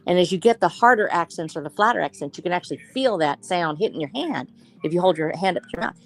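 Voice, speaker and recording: A woman from Texas in casual group chat, animated and thinking aloud with many restarts. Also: on the low side, quick pace. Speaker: co-host.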